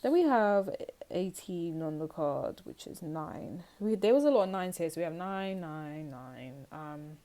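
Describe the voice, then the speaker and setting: A woman's voice: on the low side, animated, measured pace, mellow. A young woman from the United Kingdom giving a casual tarot reading, chatty and rambling, acting out little scenes as she explains. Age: young adult. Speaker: tarot reader.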